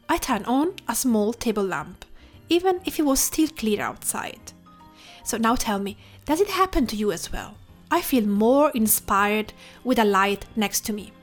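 Lyrical Italian-accented woman over soft music. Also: on the high side. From Tuscany, Italy. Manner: gentle, lyrical, measured reading. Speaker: podcast host and food writer. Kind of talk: scripted reflective narration.

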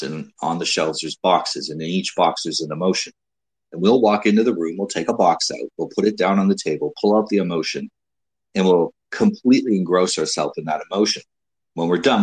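A man hosting a casual advice talk, speaking in a measured way with frequent restarts and repeated words. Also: sits low, slightly rough, rough recording. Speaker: host giving dating advice.

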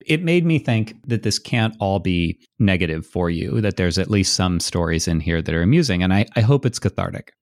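A man's voice: low voice, animated, a little fast, hardly any pauses, darkish tone, no room sound, clean studio sound. A man hosting a podcast interview, talking in a thoughtful, reflective way with frequent restarts. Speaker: podcast host. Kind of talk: conversational interview.

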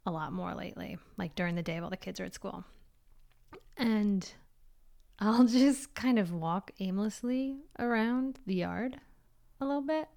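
A middle-aged woman vlogging in a casual, reflective monologue, rambling and chatty with many fillers, sometimes dropping to a soft whisper. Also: medium pitch, gravelly. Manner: drops to a soft whisper at times.

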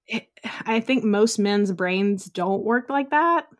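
A woman's voice: medium pitch, expressive, slow pace. A young woman on a podcast, chatting casually and telling stories with lots of "like" and "you know". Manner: chatty, storytelling, many likes and you knows. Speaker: podcast guest. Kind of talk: casual chat.

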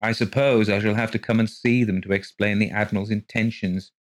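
A man's voice: fairly low pitch, fairly even intonation, a little fast, no room sound, natural voice. A man voicing a sour, disagreeable lawyer who grumbles on the phone.

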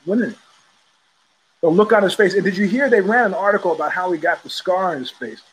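A man's voice: high voice, quick pace, a little hiss or hum, rough recording. A man hosting his own show, talking in a blunt, sardonic, rambling way, with frequent restarts. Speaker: host. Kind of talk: casual solo commentary.

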